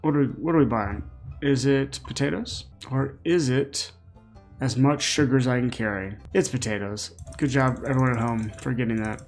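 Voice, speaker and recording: A man's voice: medium pitch, normal speed, faint music behind. A man hosting a gameplay video with casual commentary and playful, jokey asides. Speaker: gaming video host.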